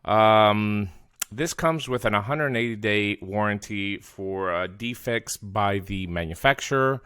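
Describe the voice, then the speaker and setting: A man's voice: on the low side, takes it slowly, a bit bright, smooth. A man from the United States, chatty, presenting a casual video review of a small device and laughing at himself. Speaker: product reviewer.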